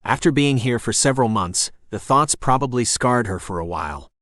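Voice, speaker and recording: A man narrating a first-person novel as an audiobook in a steady storytelling voice. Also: mid-range voice, normal speed, no room sound, clean studio sound.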